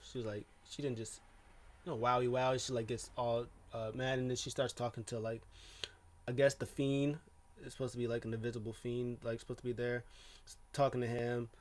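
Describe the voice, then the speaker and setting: A man talks through a wrestling show in a loose, casual recap. He rambles, stacks up fillers and restarts his sentences, and his voice sits at an ordinary middle pitch. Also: level tone, fairly quick, a little mellow.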